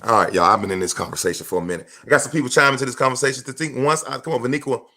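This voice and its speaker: Fervent, bright-voiced motivational man. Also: mid-range voice, very fast. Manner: emphatic and preachy, repeats phrases for effect; loud bursts of fervor and laughter. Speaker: motivational speaker. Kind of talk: live motivational talk. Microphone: livestream microphone.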